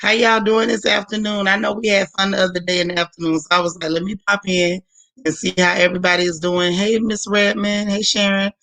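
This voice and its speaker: A hoarse woman hosting a livestream in casual chat, warmly greeting viewers by name one after another. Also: mid-range voice, flat delivery, a little fast, no echo, rough recording. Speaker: livestream host.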